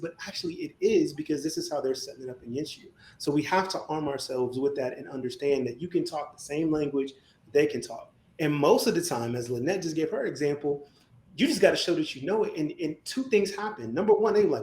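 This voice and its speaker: A man co-hosting a podcast, talking in an animated, emphatic way and often asking "right?". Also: quick pace. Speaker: podcast co-host. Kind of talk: casual podcast discussion. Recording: echoey room, faint rumble.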